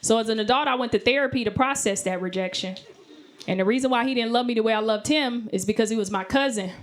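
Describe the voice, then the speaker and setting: A young woman performing a stand-up comedy set, animated and acting out the voices of the people in her stories. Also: fairly high pitch, fast, slight background noise. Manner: animated, acts out voices of men and friends. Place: comedy stage. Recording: live show with audience laughter.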